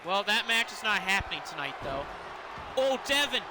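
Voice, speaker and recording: Hoher, aufgedrehter Mann kommentiert ein Wrestlingspiel. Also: male voice, sits high, moderate pace, noisy background. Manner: excitable, chatty, laughs often. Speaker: gaming commentator. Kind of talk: casual let's-play commentary.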